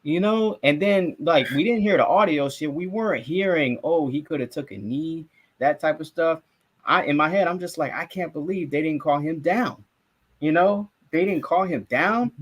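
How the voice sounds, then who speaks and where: A man's voice: a little high, moderate pace. A young man from South Florida, a sports podcast co-host and reporter, telling a story in casual sports talk. He acts out his own reactions and swears freely.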